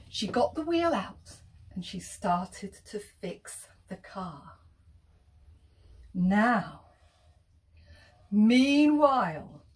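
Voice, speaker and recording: A woman telling an interactive children's story, animated and sing-song, with whispers and gasps for effect. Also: mid-range voice, distant mic.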